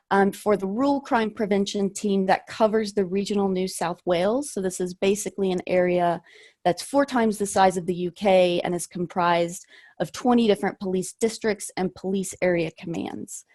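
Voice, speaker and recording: A woman's voice: mid-range voice, a little mellow. Woman moderator introducing speakers. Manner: measured, with occasional fillers.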